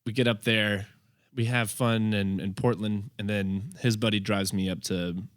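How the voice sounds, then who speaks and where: A man's voice: fairly low pitch, fairly even intonation, a little slow, dry recording, studio quality. A man on a comedy podcast telling a rambling story in casual chat, laughing as he goes. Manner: rambling, laughs through his own story. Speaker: podcast co-host.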